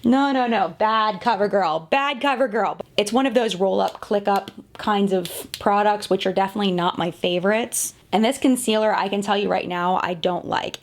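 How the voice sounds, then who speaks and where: A woman's voice: mid-range voice, vocal fry. A woman in her thirties reviewing makeup in a casual, chatty way, often laughing at herself, talking to the camera at home. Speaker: beauty vlogger.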